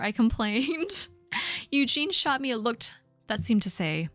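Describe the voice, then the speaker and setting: A woman in her thirties reads her old fan fiction aloud on a live stream. Her voice is animated, with wide pitch swings and squeaky sound effects. Faint music plays underneath. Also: moderate pace, no room sound. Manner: self-mocking, laughing, jumps into squeaky sound effects and voices. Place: home streaming setup.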